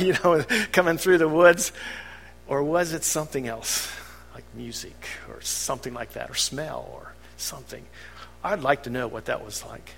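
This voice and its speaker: Mężczyzna wygłasza kazanie swobodnym, gawędziarskim tonem, wtrącając żartobliwe uwagi. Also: male voice, medium pitch, gravelly, a bit bright. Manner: conversational, chuckling asides. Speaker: preacher. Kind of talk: sermon. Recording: long hall reverb.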